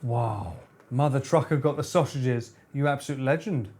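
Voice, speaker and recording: A man's voice: mid-range voice, moderate pace, a little mellow, slight background noise. A man streaming live, bantering and joking with his chat in a casual way. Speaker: livestreamer.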